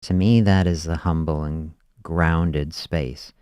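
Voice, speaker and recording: A man's voice: very deep voice, steady tone, takes it slowly, darkish tone, clear, resonant tone, no echo. A man hosting a podcast, musing in a reflective spoken monologue and often adding "you know" and "see". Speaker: podcast host.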